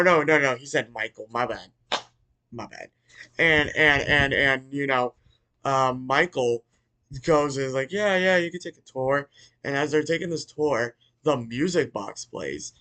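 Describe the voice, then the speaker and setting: A man giving a casual, rambling movie recap, swearing freely, restarting sentences and breaking into sudden loud outbursts. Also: medium pitch, smooth. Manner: rambling, profane, with many restarts. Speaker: movie reviewer.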